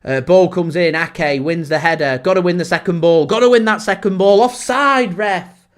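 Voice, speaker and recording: High-voiced man calling a match live. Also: normal speed. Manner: excitable, shouts and laughs in disbelief at big moments. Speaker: football fan channel host. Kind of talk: live match watchalong commentary.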